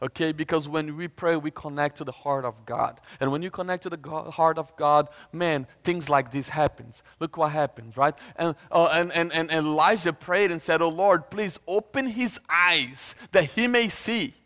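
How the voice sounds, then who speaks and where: Male preacher, casual storyteller, clear resonant voice in a reverberant hall. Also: fairly high pitch, normal speed, few pauses. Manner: animated storytelling, acts out voices, casual asides. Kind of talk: sermon.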